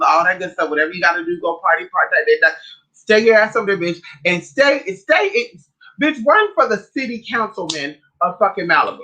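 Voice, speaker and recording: A woman's voice: mid-range voice, sharp tone, low-quality recording. A woman hosting a casual livestream, ranting in a sassy, profane, rambling way while eating. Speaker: livestream host.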